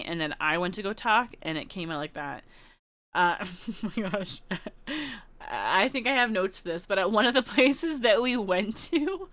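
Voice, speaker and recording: Bright, giggly Canadian woman. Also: mid-range voice, no room sound. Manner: giggly, laughs often while talking; rambling, with many restarts and asides. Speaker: streamer. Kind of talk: casual storytelling.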